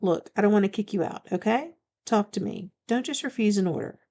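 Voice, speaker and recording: A woman's voice: medium pitch, animated, a little fast, dark tone, close to an everyday voice. A woman reading the part of a blunt, commanding male shifter bodyguard in an audiobook, speaking firmly and matter-of-factly.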